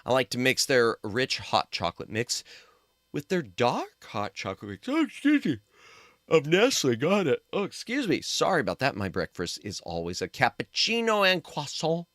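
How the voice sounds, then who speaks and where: A man's voice: mid-range voice, big pitch swings, normal speed, a bit bright, dry recording, clean studio sound. A young man chatting with his audience while playing a game on stream, joking and yelping when he dies. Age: young adult. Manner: joking, chatty, reads chat aloud, yelps at deaths. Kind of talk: casual gaming stream chat.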